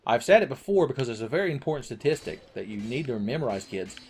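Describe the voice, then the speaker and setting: A man's voice: mid-range voice, big pitch swings, fast talker, darkish tone, slight background noise. A man commentating his video game play with crude, sarcastic jokes. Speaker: gaming channel host.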